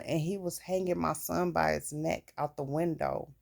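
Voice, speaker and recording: A woman's voice: low voice, steady tone, moderate pace, vocal fry, a little mellow. A woman recounting her own life story in a candid, plain-spoken way, with casual swearing. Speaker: vlogger. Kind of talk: personal storytelling.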